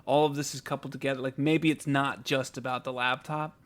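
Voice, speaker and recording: A man's voice: medium pitch, level tone, fairly quick. A man co-hosting a podcast, telling a story in casual chat, acting out the people he quotes and swearing freely. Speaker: podcast co-host.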